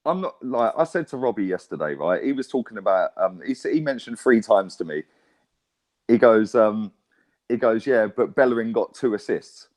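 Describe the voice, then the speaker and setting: A man's voice: on the low side, animated, normal speed, darkish tone. A young man, talking football on a fan show in blunt, emphatic casual chat with plenty of swearing.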